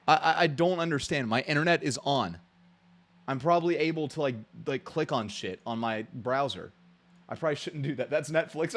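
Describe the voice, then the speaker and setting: A man's voice: a little high, animated, moderate pace, a bit bright. A man streaming from home, reacting live in a rambling, profane way and repeating himself when worked up.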